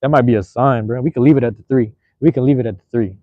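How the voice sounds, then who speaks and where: A man's voice: mid-range voice, fast talker, dry recording, phone-quality sound. A man hosting a casual solo livestream, rambling in a laid-back, slangy way. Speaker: livestream host.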